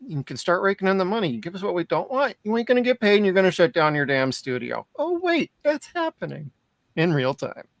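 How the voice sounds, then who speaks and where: A man's voice: sits high, animated, quick pace, few pauses, no room sound, studio quality. A man guesting on a podcast, talking in casual chat with blunt, sarcastic jabs.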